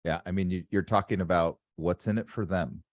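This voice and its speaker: A man's voice: low-pitched, fairly quick, no echo, clean studio sound. A man hosting a casual interview as a sales coach, talking in an emphatic, motivational way. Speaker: sales coach and podcast host.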